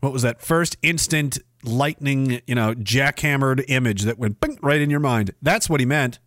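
A man's voice: mid-range voice, normal speed, a bit bright, no echo, studio quality. A man hosting a livestream, reacting to clips with profane, mocking commentary. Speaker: livestream host.

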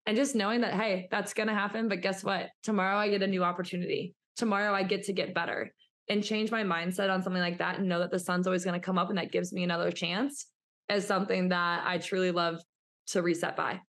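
A woman's voice: lowish voice, little pitch movement, quick pace, fairly bright tone. A young woman co-hosting a sports podcast, telling candid, self-mocking stories in a chatty way. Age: young adult. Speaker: podcast co-host. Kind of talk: casual podcast chat.

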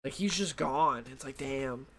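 A man's voice: mid-range voice, measured pace, slight background noise. A young man rambling loosely through a comic book review, full of fillers and restarts, talking into a desk microphone. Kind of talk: casual solo review talk.

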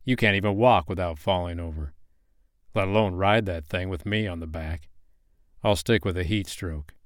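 A man doing a terse, deadpan giant drifter. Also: low-pitched, moderate pace, dry recording, studio quality, lightly acted. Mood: dry. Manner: terse and unbothered. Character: huge, calm, laconic male desert drifter.

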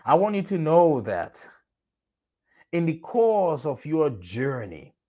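Man giving a motivational talk, slow and deliberate, repeats his points. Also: mid-range voice, a little mellow. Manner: emphatic, repeats key phrases. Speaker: motivational speaker.

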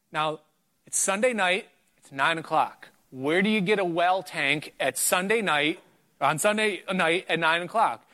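A middle-aged man preaching through a personal story in a loose, conversational way. His voice sits a bit high for a man, and it lifts further when he drives home a point. He sounds earnest and anecdotal rather than formal. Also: measured pace, pushed and bright. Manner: earnest, anecdotal, rises in pitch for emphasis. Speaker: preacher sharing testimony.

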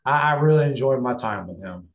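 A man's voice: mid-range voice, animated, a little fast, highs cut off. Rambling man telling stories, echoey room. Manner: rambling, restarts, acts out quotes. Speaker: guest, professional wrestler. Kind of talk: casual interview storytelling.

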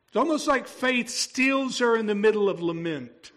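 High-voiced man preaching a conversational sermon. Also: lively intonation, moderate pace, few pauses, a bit bright. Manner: conversational preaching with rhetorical questions. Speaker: pastor.

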